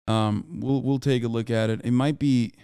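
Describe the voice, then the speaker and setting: Brash swearing guy streaming news reactions, smooth voice, dry close mic. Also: medium pitch, steady tone, moderate pace, warm tone, no echo. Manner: brash, profane, riffing on chat. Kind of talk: casual live-stream commentary.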